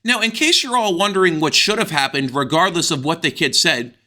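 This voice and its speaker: Bright, brash young man telling a story. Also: fairly high pitch, a little fast. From United States. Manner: crude, swearing, excitable. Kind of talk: animated storytime vlog.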